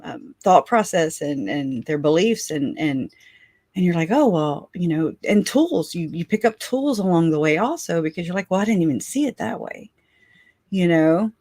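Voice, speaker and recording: A woman hosting a casual livestream, rambling warmly and laughing often as she reads out and thanks viewers for their comments. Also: lowish voice, animated, normal speed, no room sound, studio quality. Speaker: livestream host.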